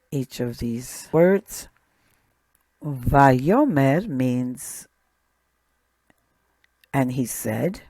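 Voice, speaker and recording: A woman teaching a recorded language lesson, speaking slowly and deliberately and repeating each word. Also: extremely low pitch, warm tone, no echo. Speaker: Hebrew teacher.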